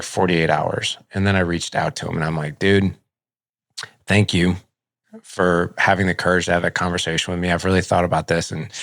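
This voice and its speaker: A middle-aged male podcast host with a deep, gravelly, slightly bright voice tells a personal story candidly and casually. He leans heavily on the filler "like" and acts out the dialogue. The studio-quality recording has no echo.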